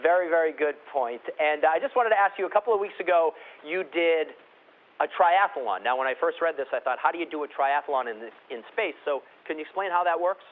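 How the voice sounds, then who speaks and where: A man's voice: on the high side, expressive, brisk. A man interviewing from a TV station, asking friendly questions in an upbeat way. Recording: tinny phone-like line.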